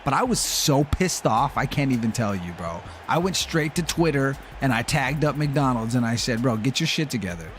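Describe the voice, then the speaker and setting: A man's voice: mid-range voice, normal speed, few pauses, slight background noise. A man streaming a football video game, chatting casually and telling a heated story with plenty of swearing. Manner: animated ranting storyteller, swears freely. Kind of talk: casual live-stream chat.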